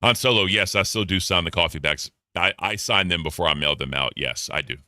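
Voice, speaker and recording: A man's voice: deep voice, fairly quick, pushed and bright, no echo, clean studio sound. A man doing casual reaction commentary, blunt and profane, reading donor messages aloud. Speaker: commentary streamer.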